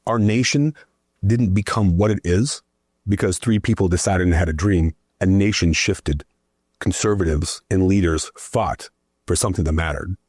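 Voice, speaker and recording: Male political guest, low and husky, emphatic storyteller. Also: normal speed, a little mellow, dry recording, studio quality. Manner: emphatic storyteller, keeps adding "right?". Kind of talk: political conversation.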